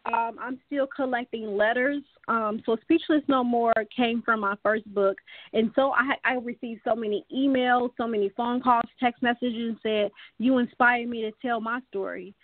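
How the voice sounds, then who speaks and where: A woman's voice: fairly high pitch, fairly even intonation, no room sound. Woman guest on a tinny phone line. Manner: halting, many fillers and restarts. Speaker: author and guest. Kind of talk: radio interview.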